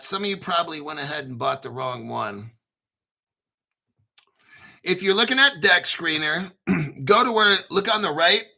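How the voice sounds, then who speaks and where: Male streamer, fairly high and very bright voice, loose profane rambling delivery. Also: vocal fry. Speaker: crypto YouTube host. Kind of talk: casual livestream chat.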